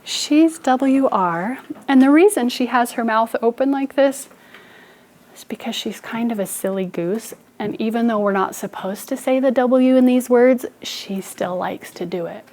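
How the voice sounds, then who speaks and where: A woman's voice: a little high, moderate pace, darkish tone, a little hiss or hum. A young woman teacher giving a playful, story-style phonics lesson to children in a classroom. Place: classroom with kids.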